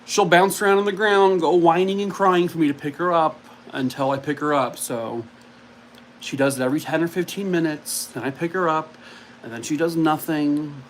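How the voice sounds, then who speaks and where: A man's voice: on the high side, steady tone, normal speed, a little hiss or hum, rough recording. A man hosting a casual live stream from home, chatting and cooing at his dog. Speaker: streamer host.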